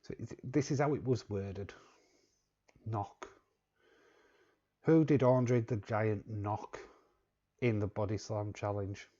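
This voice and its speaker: A man's voice: fairly low pitch, steady tone, takes it slowly, pauses often, dark tone, highs cut off. A young English man hosting a quiz on a live stream, joking and chuckling as he reads the chat. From England. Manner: joking, chuckling, repeats words while reading chat. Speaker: quiz host.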